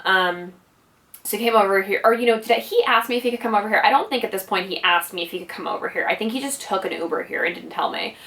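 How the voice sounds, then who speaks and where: A woman vlogger rambles casually through a personal story, peppering it with "like" and "you know." She speaks fast at medium pitch, her voice pushed and bright, and she sounds slightly distant from the mic.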